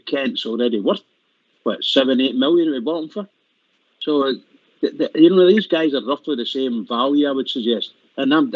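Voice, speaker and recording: Halting man on fan radio. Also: mid-range voice, dry recording. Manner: halting, many restarts. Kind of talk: casual phone-in chat. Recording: muffled radio audio.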